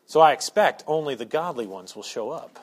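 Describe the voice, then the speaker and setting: A pastor preaching a sermon to his church, shifting from quiet asides to loud, emphatic points. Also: fairly high pitch, lively intonation, a little fast. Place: church sanctuary.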